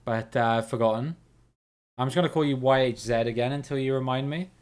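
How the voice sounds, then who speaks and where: A man's voice: medium pitch, steady tone, a little fast, a little mellow. A male streamer runs a live geography guessing game for his viewers. He thinks aloud in a chatty, easygoing way and greets people in the chat by name as he goes.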